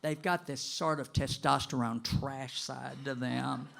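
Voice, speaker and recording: A man in his late sixties telling a personal story to a live audience, animated and gossipy, with dramatic pauses. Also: medium pitch, gravelly, a little hiss or hum. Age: 60s.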